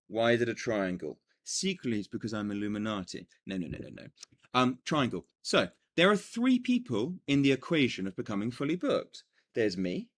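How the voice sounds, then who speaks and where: Lively low-voiced male coach. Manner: energetic, animated, joking asides. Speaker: business coach. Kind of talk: recorded coaching lesson.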